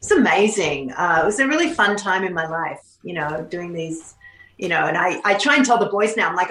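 A woman guest talking casually in an interview, chatty and animated, with frequent fillers and restarts. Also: on the low side, fairly quick, slight background noise. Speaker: actress guest. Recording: echoey room.

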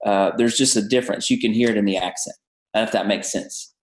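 A pastor with a Southern American accent and a fairly low voice talks through his ideas with an earnest, preaching cadence. He sounds like he is in a room with a noticeable echo around him. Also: a little fast. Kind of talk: podcast interview. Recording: roomy echo.

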